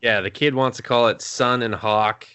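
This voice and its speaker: A man's voice: medium pitch, steady tone, normal speed, bright, forceful tone, clean tone. A man co-hosting a podcast, reviewing a movie in casual chat, swearing freely, laughing and quoting characters in mock voices. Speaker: podcast co-host.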